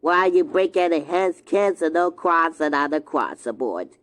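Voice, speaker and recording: Someone doing a cartoon character with hiccups, excitable, yelping, swooping pitch, mid-height voice. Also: moderate pace, natural voice. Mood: lively. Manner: excitable, full of yelps and exclamations. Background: music.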